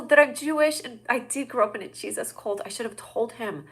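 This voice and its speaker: A woman in her thirties hosting a live stream, telling rambling, excitable stories in a casual chat. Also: a little high, fairly quick, few pauses, breathy edge. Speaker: host.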